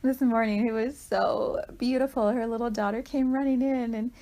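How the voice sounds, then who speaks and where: A woman guiding a walking meditation, talking gently and conversationally with frequent asides to the listener. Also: on the high side, steady tone, moderate pace. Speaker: meditation guide.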